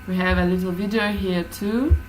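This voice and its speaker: A woman's voice: lowish voice, fairly even intonation, normal speed, noisy background. A woman teaching a class, explaining hesitantly with many fillers.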